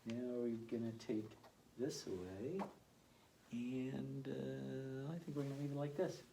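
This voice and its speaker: A male teacher giving an early reading phonics lesson to children, sounding out letters slowly and deliberately in a gentle, encouraging way. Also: mid-range voice, steady tone, gravelly, noisy background.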